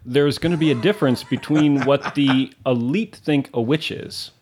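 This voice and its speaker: A man's voice: mid-range voice, normal speed, a little mellow, slight background noise. A man co-hosting a podcast in casual conversation, summing up points with a wry tone. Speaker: podcast co-host.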